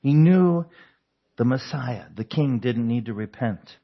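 A man's voice: medium pitch, animated, unhurried, muffled recording. A man preaching a conversational sermon, asking the congregation questions and chuckling often. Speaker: pastor.

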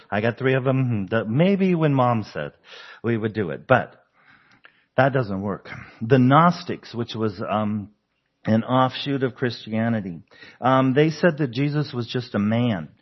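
A man's voice: medium pitch, lively intonation, unhurried, highs cut off. A man preaching a conversational sermon, asking the congregation questions and chuckling often. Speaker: pastor.

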